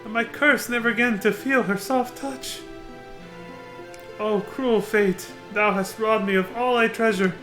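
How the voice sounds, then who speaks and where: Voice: medium pitch, fairly even intonation, a little slow, fairly bright tone, faint music behind, lightly acted. A streamer voicing a heartbroken young lover from a stage play in a game, reading his old-fashioned lines in a theatrical way. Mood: despairing.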